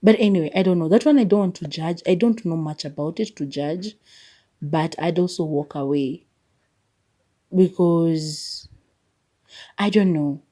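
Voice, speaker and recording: A woman's voice: on the low side, measured pace, pauses often. Laughing woman podcaster. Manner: animated, laughing, mixes Swahili into English. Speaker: podcast host. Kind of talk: casual solo podcast chat.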